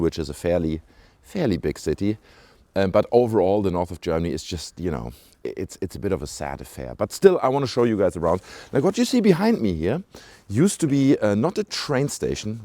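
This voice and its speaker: A man's voice: sits low, dark tone, dry recording. A man with a British-sounding accent, chatting casually to viewers as he walks around a village outdoors, rambling with many asides and fillers, recorded on a handheld camera. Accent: British-sounding English. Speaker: vlogger. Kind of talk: casual walking vlog commentary. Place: outdoors in a small rural village. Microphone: handheld camera mic while walking.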